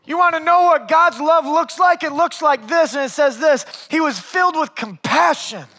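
A man preaching a sermon as pastor, conversational and animated, swinging between loud and hushed, and often calling listeners "man". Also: very high-pitched, moderate pace.

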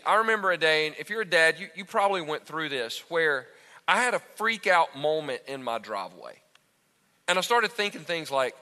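Animated pastor preaching in a big hall. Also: male voice, a little high, moderate pace. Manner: animated, talks straight to the congregation. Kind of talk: sermon. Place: church stage before a congregation. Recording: echoey hall with long reverb.

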